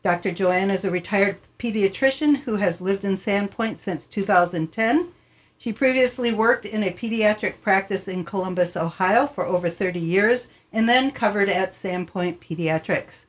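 A woman's voice: mid-range voice, normal speed. Woman producer reading a radio intro. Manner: reads a prepared intro, with small restarts. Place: community radio studio.

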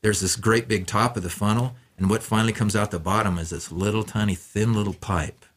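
A man's voice: lowish voice, steady tone, a little fast. A male musician guest in a radio studio, telling rambling, easygoing stories with lots of fillers in a casual interview.

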